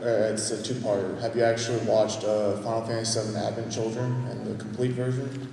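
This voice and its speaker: A man's voice: on the low side, level tone, fairly quick, creaky, warm tone, a little hiss or hum. A man in a convention audience, hesitantly asking the panel a question. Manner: hesitant, with fillers. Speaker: audience member. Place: large convention hall. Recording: echoey hall, far from mic, crowd.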